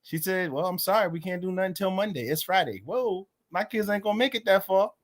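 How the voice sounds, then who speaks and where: A man telling a personal story in lively, emotional style, acting out the voices of others and laughing often. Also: high voice, brisk. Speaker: guest, motorcycle club president. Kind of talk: animated storytelling.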